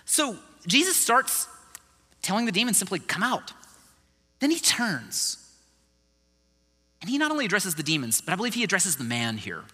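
Animated, bright-voiced male preacher. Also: high-pitched, moderate pace, pauses often, slightly rough, long reverb tail. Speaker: pastor. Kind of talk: sermon.

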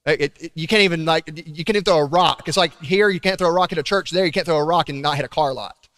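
A young man preaching a sermon, telling stories with loud emphasis and hushed asides. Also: a little high, fast talker. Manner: animated storytelling, swinging between loud emphasis and hushed asides. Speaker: pastor. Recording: long reverb of a large hall.

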